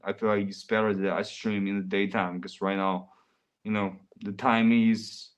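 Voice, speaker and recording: A man's voice: on the low side, little pitch movement, normal speed. A man livestreaming in casual, rambling chat, often calling his viewers bro.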